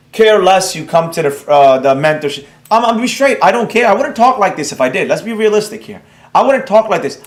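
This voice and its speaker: A man's voice: high voice, reverberant. A man hosting a trading livestream, talking bluntly and brashly with some swearing while he reads out the chat. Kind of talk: live-stream rant, reading chat aloud.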